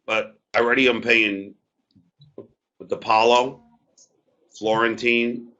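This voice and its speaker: Stammering man with a bright tone. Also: medium pitch, fairly even intonation. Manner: halting, stammering, repeats words. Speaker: comedian and show host. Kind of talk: defensive storytelling in an argument. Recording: dull lo-fi sound.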